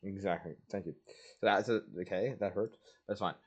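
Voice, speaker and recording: A young man spins a casual story for his stream audience in a somewhat low voice. He lurches between loud, excited bursts and quiet, mumbled asides. His talk is loose and full of fillers. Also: brisk, breathy edge, muffled recording. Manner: casual, peppered with "like" and "blah, blah".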